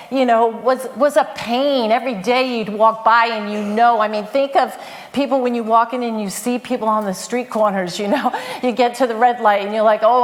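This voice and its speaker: A woman preacher giving a sermon, telling the story in a conversational way with frequent fillers. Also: fairly high pitch.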